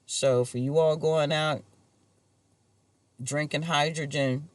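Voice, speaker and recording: A man's voice: on the high side, steady tone, slow pace, dry recording. A man talking to camera in a rambling personal monologue, casual and musing, chuckling to himself now and then. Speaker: vlogger.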